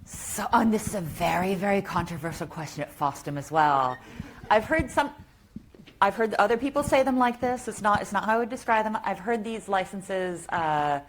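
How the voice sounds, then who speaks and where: A woman speaking at a tech conference, answering audience questions in an eager, quick and chatty way. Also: medium pitch, lively intonation, slight background noise.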